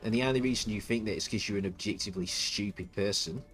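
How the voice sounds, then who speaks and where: A man's voice: fairly low pitch, fast talker, a bit bright, faint music behind. A man streaming live, ranting with open contempt and falling into frequent stuttering restarts.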